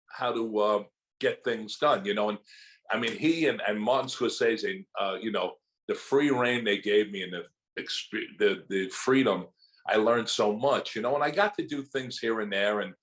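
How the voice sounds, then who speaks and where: The recording is low quality, and the older man's voice sits on the low side. An actor in a casual interview, he spins animated stories and acts out quotes from the people in them.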